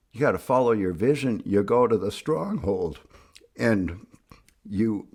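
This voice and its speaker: A man telling a personal story in an animated, emphatic way, acting out what people said. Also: medium pitch. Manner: animated, emphatic, acts out quoted speech. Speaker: speaker on youth addiction treatment.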